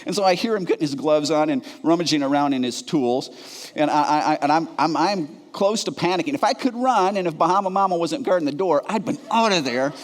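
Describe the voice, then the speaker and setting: A man preaching a sermon, telling a self-mocking story with animated delivery and frequent stammered restarts. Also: a little high, fairly quick. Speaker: pastor. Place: church sanctuary. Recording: reverberant church hall.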